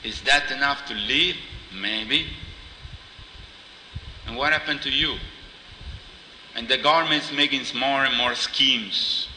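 Preacher guy, super bright tense voice, storytelling and laughing a lot. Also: mid-range voice, slow pace, pauses often. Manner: animated storyteller, acts out dialogue, laughs often. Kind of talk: informal spiritual talk with anecdotes. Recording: roomy hall echo, faint noise.

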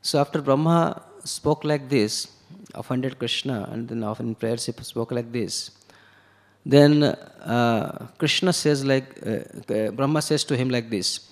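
A man teaching a scripture class, explaining verses and word meanings one step at a time and sometimes chanting lines in Sanskrit. His voice sits at a middle pitch. A long reverb trails after his words, as if he is speaking in a large hall. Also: moderate pace.

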